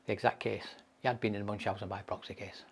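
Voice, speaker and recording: A man leads a mental health training session and talks through case stories. His voice is gravelly and husky, and he leans on repeated phrases for emphasis. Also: on the low side, little pitch movement, fast talker. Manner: anecdotal, emphatic repetition.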